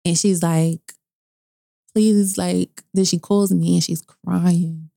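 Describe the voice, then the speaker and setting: A young woman, telling a personal story in casual chat. She is animated, swears freely, and jumps high in pitch when she quotes people. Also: takes it slowly, creaky. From New York.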